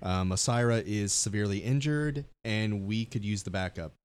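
A man's voice: fairly low pitch, moderate pace, clear, resonant tone. A man playing in a tabletop game, urgently reporting in character. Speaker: player.

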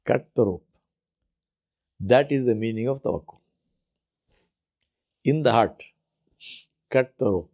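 Guy giving a sermon, telling a story, repeats stuff for emphasis, average pitch. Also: measured pace, pauses often, darkish tone. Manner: emphatic, repeats words for effect. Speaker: preacher.

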